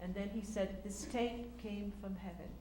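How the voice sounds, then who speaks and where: An older woman telling stories in a casual, animated way, acting out quotes with lots of fillers and restarts. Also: mid-range voice, moderate pace, roomy sound, a little hiss or hum. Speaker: speaker recounting memories. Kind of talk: casual storytelling talk.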